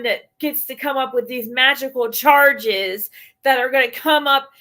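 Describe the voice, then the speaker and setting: A woman with a slightly high voice vents on a livestream, talking straight to her chat. She is blunt and exasperated and swears freely, close to the mic. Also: a little slow, pushed and bright. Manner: blunt, profane, exasperated ranting. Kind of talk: casual livestream rant.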